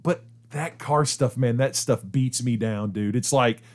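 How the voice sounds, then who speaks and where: A man's voice: medium pitch, a little slow, darkish tone. A middle-aged man hosting a radio show, telling a story in casual chat and laughing as he goes. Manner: chatty, laughs through his stories.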